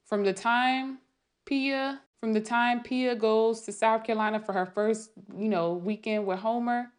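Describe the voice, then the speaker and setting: A woman's voice: a little high, steady tone, a little slow, clean tone. A woman writer rambling through a casual late-night monologue, thinking aloud with many restarts and trailing thoughts.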